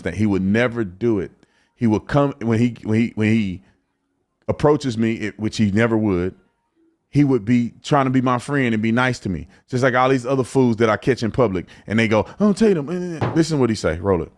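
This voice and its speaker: A man's voice: fairly low pitch, brisk. A man on a played clip from a commentary show, talking boastfully and confrontationally.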